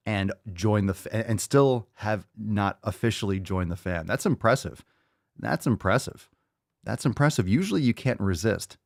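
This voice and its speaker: A man's voice: fairly low pitch, creaky, no echo, clean studio sound. A man hosting a casual livestream podcast, brash and profane, hyping people up and repeating phrases for emphasis. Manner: brash, profane, hyped-up gym talk. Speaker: podcast host.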